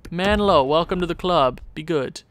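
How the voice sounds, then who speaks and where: A gaming YouTuber gives animated, casual commentary on a sports video game at a moderate pace. He talks to himself, muttering low, and often jumps into a high, squeaky voice when excited or pleading.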